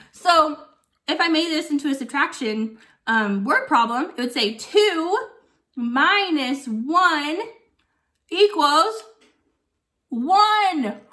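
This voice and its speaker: A woman's voice: sits high, bright, forceful tone. A woman voicing a forgetful old lady who teaches young children, chatting while chewing candy. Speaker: guest teacher for a kindergarten class. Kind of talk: playful video lesson for young children.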